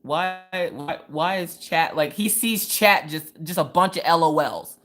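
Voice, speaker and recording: A woman hosting a casual crafting livestream, telling stories in an animated, slangy way and talking straight to her chat. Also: low voice, unhurried. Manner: animated storytelling, quotes people in different voices. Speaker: livestream host.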